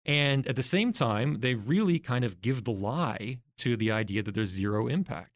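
A man's voice: medium pitch, expressive, normal speed, no echo, clean studio sound. A man, a guest researcher in a podcast interview, explaining his points step by step and walking through examples.

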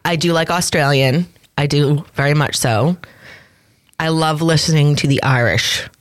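A woman's voice: deep voice, measured pace, dry recording, clean studio sound. Woman chiming in with short agreement. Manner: brief agreeing replies. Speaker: podcast co-host. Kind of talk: casual chat.

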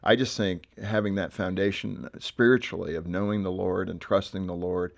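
A man hosting a radio interview in a studio, chatty and quick to laugh. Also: low-pitched, steady tone, creaky. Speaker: radio show host. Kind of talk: conversational interview.

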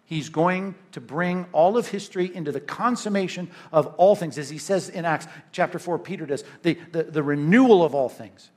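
A man's voice: a little high, moderate pace, hardly any pauses. A male pastor preaching a sermon in an emphatic, conversational way, often checking in with "right?".

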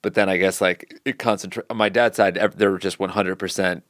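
A man co-hosting a podcast, chatting casually with deadpan, dry one-liners and halting, filler-heavy delivery. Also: sits low, no room sound. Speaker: podcast co-host. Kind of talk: casual comedic chat.

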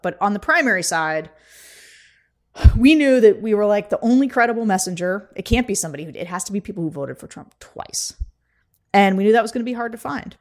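A woman with a somewhat low voice talks politics in a casual, brisk podcast chat. She is animated and drops in quick laughs as she explains her points. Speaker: podcast co-host and political campaigner.

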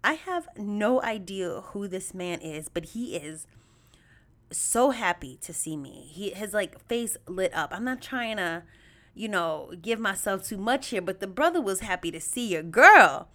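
A woman hosting a podcast, telling a story in a chatty, animated way, addressing her listeners as y'all and acting out quoted voices with big jumps in pitch. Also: a little slow. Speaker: podcast host. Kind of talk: casual storytelling monologue.

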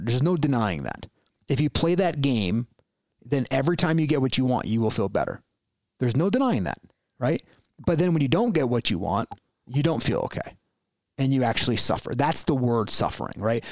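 A man co-hosting a podcast, talking in a casual, reflective and animated way and often restarting his words. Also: mid-range voice, normal speed, no echo. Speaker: podcast co-host.

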